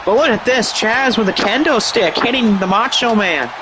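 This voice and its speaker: A man giving excited, rambling play-by-play commentary over a wrestling game, with chatty asides. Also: high-pitched, normal speed, noisy background.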